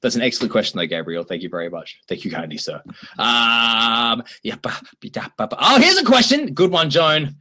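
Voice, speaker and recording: A man hosting a livestream and answering viewer questions in a chatty, animated way, often laughing. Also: mid-range voice, brisk. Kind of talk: casual chat.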